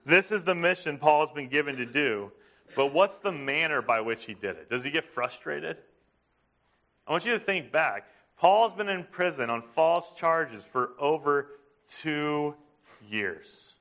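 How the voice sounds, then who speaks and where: A man preaching a sermon, emphatic, asking his listeners questions and slowing down to stress a point. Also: fairly high pitch, expressive, bright, forceful tone. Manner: emphatic, asks the congregation questions. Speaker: pastor.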